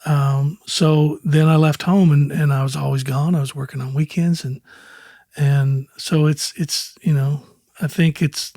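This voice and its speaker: A man's voice: fairly high pitch, fairly even intonation, unhurried, dark tone, dry recording, studio quality. A man in his sixties, a country singer as interview guest, telling long rambling anecdotes full of quoted dialogue and easy chuckles. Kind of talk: casual storytelling in an interview.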